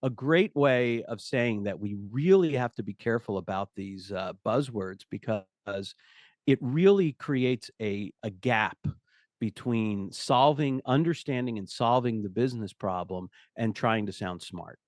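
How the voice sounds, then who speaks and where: A man's voice: lowish voice, unhurried, no room sound, clean studio sound. A middle-aged man, a company CEO, talking as a podcast guest and telling stories, acting out the people he quotes. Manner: animated storyteller, acts out quotes. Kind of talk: conversational podcast interview.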